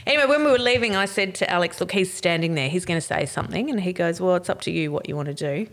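A woman's voice: lowish voice, lively intonation, fast. A middle-aged woman, chatting casually as a podcast co-host, telling a story with lots of swearing and laughter. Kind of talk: casual chat.

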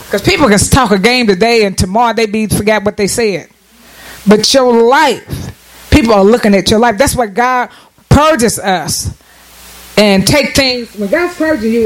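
Man preaching w/ a really high voice, lots of call and response, keeps restarting lines. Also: rough recording. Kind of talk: sermon.

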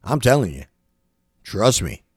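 A man's voice: on the low side, very animated, measured pace, breathy edge, no echo, studio quality. A man hosting a podcast, delivering an impassioned monologue, stumbling and repeating himself as he presses his point. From United States. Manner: repetitive, restarts often, emphatic rants. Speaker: podcast host.

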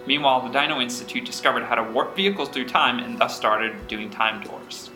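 A man co-hosting a podcast, trading crude deadpan jokes and reading a backstory aloud in casual chat. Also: mid-range voice, a little fast, echoey room, faint music behind, rough recording. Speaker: podcast co-host.

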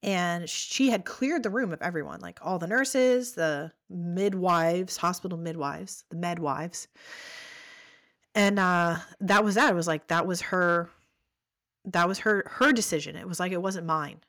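A woman in her thirties telling a personal story as a podcast guest, animated, acting out what people said. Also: fairly low pitch, unhurried. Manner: animated storytelling, acts out quoted voices.

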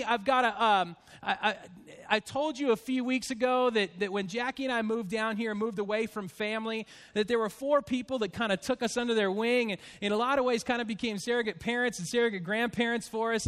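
A man in his fifties, a pastor addressing his church congregation in a heartfelt, halting way, choked up with emotion. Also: very high-pitched, fairly bright tone.

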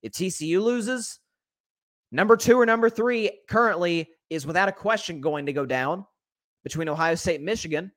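A man's voice: high-pitched, fairly bright tone, no room sound, clean studio sound. Opinionated male sports podcast host. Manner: opinionated and candid, talks straight to listeners as folks; conversational with quick self-corrections. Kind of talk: solo sports talk monologue.

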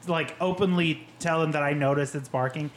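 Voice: mid-range voice, brisk. A player at a tabletop game, hesitant and laughing, thinking aloud about what to do. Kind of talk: casual chat at a gaming table. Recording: roomy sound with faint room noise.

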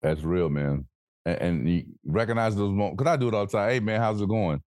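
A man co-hosting a podcast in casual chat, animated and swearing freely, acting out voices as he tells stories. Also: fairly low pitch, a little fast, no echo, clean studio sound. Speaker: podcast co-host.

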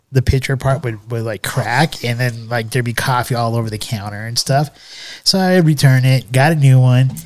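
A man co-hosting a casual podcast, telling a rambling story full of fillers. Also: medium pitch. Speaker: podcast co-host. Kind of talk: casual chat.

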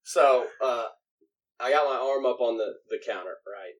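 A man's voice: mid-range voice, moderate pace, low-quality recording. Laid-back man telling a story. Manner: laid-back, swearing, laughs often, quotes others flatly. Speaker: podcast co-host telling a story. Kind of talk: casual storytelling chat.

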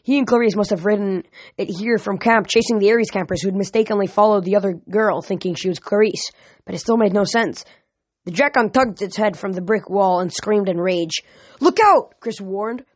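A woman reading a novel aloud in a lively way, with occasional restarts, raising her voice for shouted lines. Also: mid-range voice, brisk, dry recording.

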